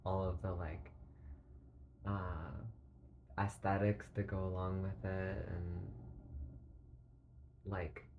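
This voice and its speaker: Man, very low voice, slow unhurried pace, rambling philosophical musing, halting, lots of filler words. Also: flat delivery, narrow, tinny audio, slight background noise. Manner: meandering, full of "like", halting pauses and throat clearing.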